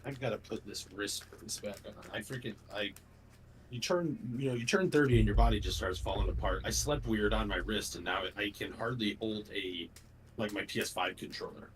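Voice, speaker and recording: A man's voice: lowish voice, moderate pace. 30s guy on voice chat, chill n jokey, sits back from the mic w/ a little noise. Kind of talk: casual chat over voice call. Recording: distant mic with faint noise.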